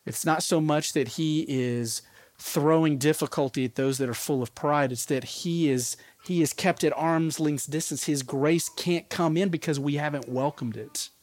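Higher-voiced man preaching conversationally. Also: normal speed, a little mellow, no echo. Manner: conversational, laughs at own asides. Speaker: pastor. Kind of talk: sermon.

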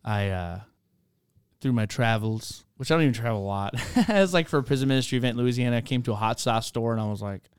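A middle-aged man hosting a relaxed chat as a pastor, his voice smooth and clean. He jokes around and tells lively stories, and the sound is close and dry with no room behind it. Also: medium pitch, fast, no room sound. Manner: joking, animated storyteller. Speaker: pastor and podcast host. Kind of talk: casual chat.

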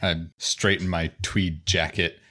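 A man playing a tabletop role-play game, describing his character's actions in a relaxed way. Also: low voice, measured pace. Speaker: player.

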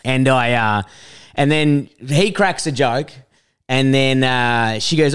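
A man, a comedian co-hosting a podcast, telling anecdotes with animated, swear-heavy delivery and quick voice impressions. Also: mid-range voice, clean tone. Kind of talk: casual banter and storytelling.

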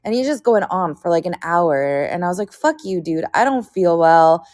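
Exasperated woman, lowish voice. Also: lively intonation, normal speed, darkish tone, no room sound. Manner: exasperated venting, profane. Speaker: podcast co-host. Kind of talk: casual chat.

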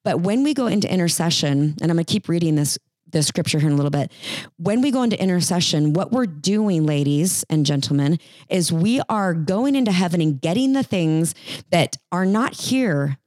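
A woman in her forties preaching a sermon, animated, acting out quoted voices. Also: fairly low pitch, moderate pace, no echo.

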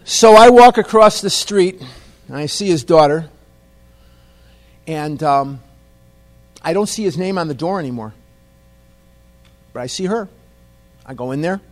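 A man's voice: a little high, animated, measured pace, long pauses. Wry storytelling man. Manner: self-deprecating, wry, conversational. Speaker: speaker at a recovery meeting. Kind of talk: humorous personal storytelling to an audience.

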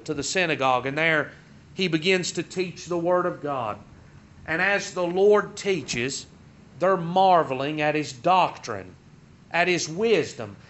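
Bright-voiced man teaching a Bible lesson. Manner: conversational, rising in pitch and force when retelling crowd voices. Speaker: Sunday school teacher. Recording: dull lo-fi recording.

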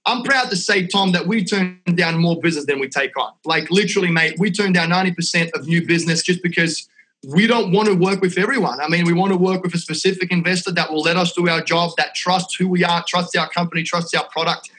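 An Australian man talking as a podcast guest, energetic and salesy, dropping "mate" and "right?" all through his talk. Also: high-pitched, quick pace, rough recording. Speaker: real estate investment company owner, podcast guest. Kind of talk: casual podcast chat.

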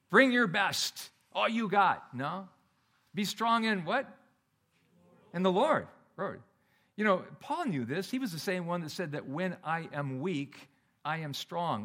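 A middle-aged man preaching a sermon in a conversational, animated way, often restarting his sentences. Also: a little high. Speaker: pastor.

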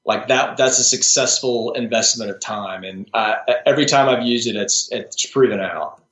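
A man's voice: mid-range voice, normal speed, a bit bright. A man, a strengths coach, is a guest on a podcast interview. He talks in a thoughtful, casual way, often restarting and adding asides. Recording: roomy, dull lo-fi sound.

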